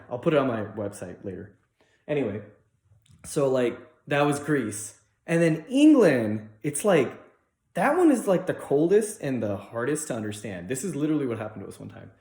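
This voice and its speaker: A man's voice: mid-range voice, a little mellow, echoey room. A young man doing an unrehearsed stand-up set, rambling through a story with many restarts and mimicking people in raised, mocking voices. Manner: acts out other people in raised mock voices. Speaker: stand-up comedian.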